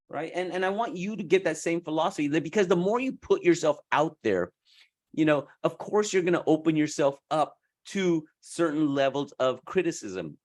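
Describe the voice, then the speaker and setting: A man coaching estheticians in a casual talk to camera, animated and slangy, sometimes jumping into high voices to quote people. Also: fairly quick.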